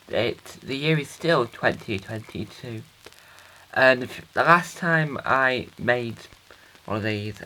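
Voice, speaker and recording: A man's voice: mid-range voice, sharp tone, poor audio. A man playing an earnest, rambling dad who records a hesitant, self-interrupting video diary for his kids. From United Kingdom. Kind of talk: comic character monologue.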